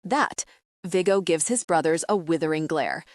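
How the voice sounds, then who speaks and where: A woman reading a first-person romance novel aloud in steady, even audiobook narration. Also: on the low side, moderate pace, dry recording, studio quality.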